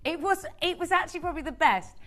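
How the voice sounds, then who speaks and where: A woman's voice: extremely high pitch, fast talker, fairly bright tone. A woman presenting a live TV shopping sale, bubbly and chatty, often repeating her phrases. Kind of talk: live TV sales pitch.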